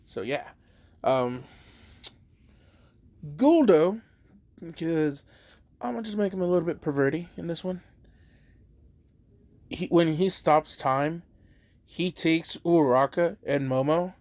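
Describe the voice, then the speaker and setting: A man's voice: a little high, lively intonation, slow pace, pauses often, a little mellow, no room sound. Rambling casual male storyteller. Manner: rambling, lots of "like", swearing. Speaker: fan storyteller.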